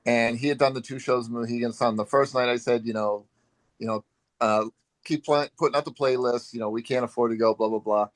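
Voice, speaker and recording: A man in a casual live video chat tells a long, rambling story, restarting his sentences as he goes. His voice has a medium pitch and a dry, close sound. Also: steady tone, fairly quick, no room sound. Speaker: longtime fan, group member. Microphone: video call.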